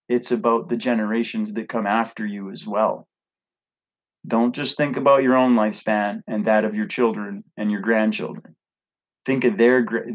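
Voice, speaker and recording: A man's voice: mid-range voice, lo-fi sound. A man ranting casually to camera as a vlogger, blunt, profane and rambling.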